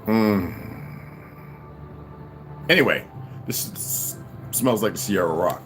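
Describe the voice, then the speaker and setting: A man's voice: fairly low pitch, animated, slow, over music. A man in his fifties giving a blunt, profane, rambling livestream monologue, often repeating words and restarting sentences. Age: 50s. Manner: profane, blunt, stream-of-consciousness.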